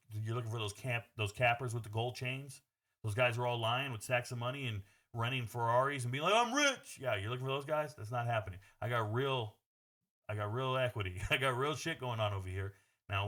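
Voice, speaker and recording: A man's voice: fairly low pitch, a bit bright. A man talking through his sports betting picks in a casual, brash monologue, blunt and swearing freely as he addresses viewers as "bro.".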